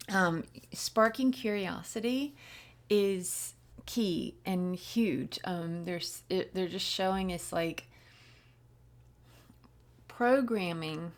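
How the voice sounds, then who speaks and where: A woman giving a channeled spiritual reading, playful and giggly, often dropping into soft whispers. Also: fairly low pitch. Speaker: spiritual reader.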